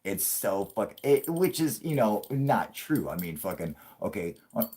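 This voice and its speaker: A man's voice: fairly low pitch, big pitch swings, unhurried. A man in his late thirties hosting a live stream, rambling casually with constant swearing and laughter. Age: 30s. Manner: crude, profanity-heavy rambling with frequent laughs; puts on a yelling grumpy old man for jokes.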